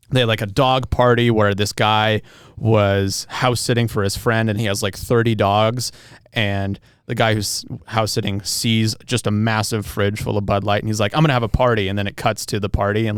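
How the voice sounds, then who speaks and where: A young man co-hosting a podcast, chatting in a relaxed, rambling way with lots of ums and restarts. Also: fairly low pitch, smooth, no echo, clean studio sound. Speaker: podcast co-host. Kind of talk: casual chat.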